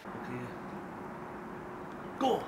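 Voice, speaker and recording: A young man from the UK chatting casually to viewers in a jokey vlog, outdoors at night. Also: drawn-out words. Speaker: vlogger. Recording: loud outdoor background noise. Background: traffic and outdoor noise.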